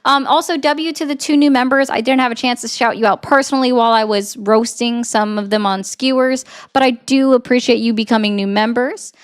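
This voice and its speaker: A woman's voice: fairly high pitch, fairly even intonation, a little fast, hardly any pauses, clear, resonant tone. A woman doing blunt, sarcastic political commentary on a livestream, reading and answering viewer comments. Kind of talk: casual live-stream commentary reading chat.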